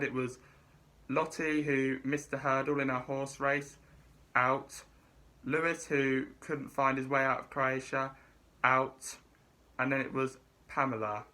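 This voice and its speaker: A man giving a casual spoken TV review, halting with many fillers and restarts. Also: mid-range voice, bright, forceful tone. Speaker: reality show reviewer.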